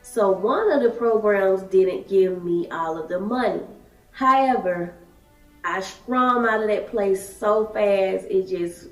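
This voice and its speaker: A woman, telling her own story in halting, emotional short phrases. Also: medium pitch. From Alabama, USA. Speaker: daycare worker sharing her story. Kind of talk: personal testimony. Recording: echoey room, distant mic, soft music.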